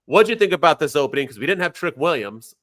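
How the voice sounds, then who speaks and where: Animated man co-hosting a podcast. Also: on the high side. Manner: animated, throws rapid questions at his co-host. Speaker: podcast co-host. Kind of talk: casual wrestling chat.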